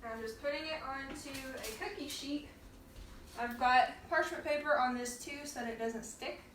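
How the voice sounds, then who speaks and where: Woman, cooking host, playful and chatty, fairly high voice, echoey kitchen heard from off the mic. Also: normal speed, a bit bright, far from the mic, a little hiss or hum. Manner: chatty and playful, laughs often. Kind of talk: casual live cooking demonstration. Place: home kitchen. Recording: roomy kitchen sound, from off the mic.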